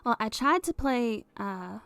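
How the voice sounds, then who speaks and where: A woman in her thirties from the US Midwest, chatting casually on a live stream in a soft, hesitant way with many fillers and giggles. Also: on the high side, animated, unhurried, clean tone, dry recording.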